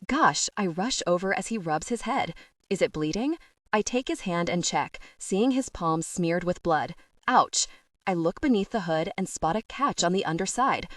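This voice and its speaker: Woman narrating a romance audiobook, low-voiced. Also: lively intonation, normal speed, hardly any pauses, no room sound, studio quality, recorded from a distance.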